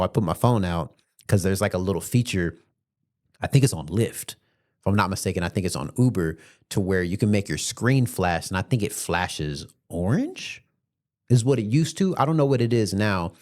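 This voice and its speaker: Slangy low-voiced man telling stories. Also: fairly quick. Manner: animated, chatty, slangy, laughs while telling stories. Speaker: podcast host and rideshare driver. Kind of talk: casual storytelling monologue.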